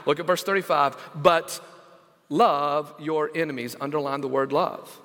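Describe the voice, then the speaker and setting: A male senior pastor preaching a sermon, stressing scripture slowly and calling out to the congregation. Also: a little high, fairly even intonation, fairly bright tone, in a large hall. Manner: emphatic, slows down to stress scripture; engages congregation with call-outs.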